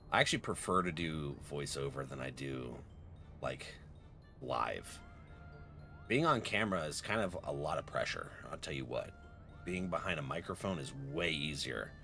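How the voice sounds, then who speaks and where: On a live game stream, a young man with a low-pitched voice chats casually into a close desk microphone. He is excitable and jokey, laughs often and reads the chat aloud.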